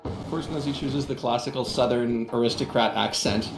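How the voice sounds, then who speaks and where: A man's voice: medium pitch, fairly even intonation, moderate pace, reverberant, over music. A man co-streaming a game, chatting casually and teasing his friends. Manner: teasing, banter.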